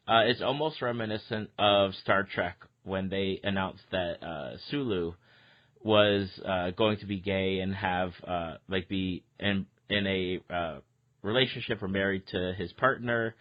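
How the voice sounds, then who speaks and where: A man hosting a podcast, chatting casually about a film in an easygoing way with "uh" pauses. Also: fairly low pitch, dull audio. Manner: conversational, agreeable, with "uh" pauses. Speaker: podcast host. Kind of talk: casual movie review chat.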